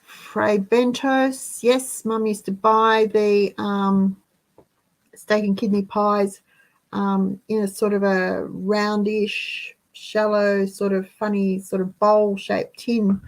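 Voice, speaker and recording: A woman's voice: medium pitch, little pitch movement, slow pace, low-quality recording. A woman hosting a casual live chat, reading out viewer comments as she talks to her audience. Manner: chatty, reads out viewer comments. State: out of breath. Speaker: host.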